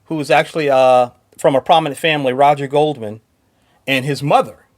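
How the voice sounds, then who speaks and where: A man's voice: mid-range voice, fairly even intonation, a little fast. A man co-hosting a podcast in casual chat, talking enthusiastically and often laughing between points. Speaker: podcast co-host.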